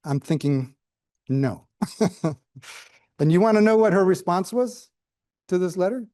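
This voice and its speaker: A man's voice: sits high, lively intonation, a little slow, mellow, no room sound. A middle-aged man giving a prepared speech with humorous storytelling, dry asides and questions to the audience. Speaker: club speaker.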